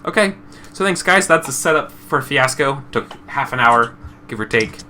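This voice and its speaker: A man hosts a tabletop game session in casual, rambling talk. He often trails off and restarts, poking fun at himself. His voice is bright and its pitch swings widely. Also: lively intonation, normal speed, slight background noise. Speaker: game facilitator and show host. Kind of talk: casual chat while setting up a tabletop game.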